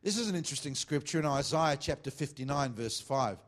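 A pastor preaches with a voice sitting squarely in the middle of the male range. He teases his congregation with quick jokes, then presses his points with emphasis and reads scripture slowly and deliberately. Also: mid-range voice, expressive. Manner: jokey, teasing asides to the congregation between emphatic preaching. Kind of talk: sermon.

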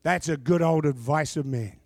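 A middle-aged man preaches in a high, ringing voice. He booms out scripture and then pulls back to low, talky asides to the congregation. The sound is close and dry, with no room echo. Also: moderate pace, darkish tone. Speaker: pastor. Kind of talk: sermon.

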